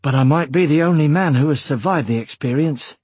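A man voicing a tough, determined young male leader in a storybook reading, with a low growling tone. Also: fairly quick, darkish tone, breathy edge, no echo. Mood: wry.

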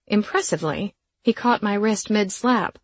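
A woman's voice: medium pitch, moderate pace, no room sound. A woman reading a first-person audiobook in a wry, sardonic storytelling manner. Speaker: audiobook narrator.

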